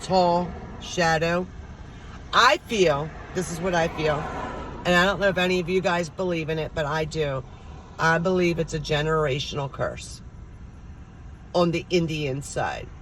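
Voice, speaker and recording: A middle-aged woman vlogger chats casually with her viewers and tells stories, acting out the voices of the people in them. Her voice is low and a bit bright, her pace measured, with a faint hiss or hum in the recording.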